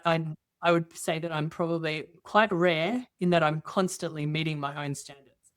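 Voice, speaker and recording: Middle-aged woman on an interview, lowish voice, dry close sound, animated storyteller. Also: moderate pace, no echo. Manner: lively, acts out dialogue with quoted voices. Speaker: interview guest. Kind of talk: casual storytelling in conversation.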